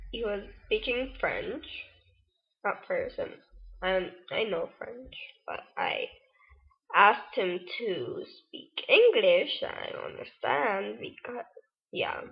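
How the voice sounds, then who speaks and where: A woman's voice: mid-range voice, creaky. An eighteen-year-old woman telling a rambling, chatty story on her vlog, full of fillers, in lo-fi audio. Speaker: vlogger. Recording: lo-fi webcam audio.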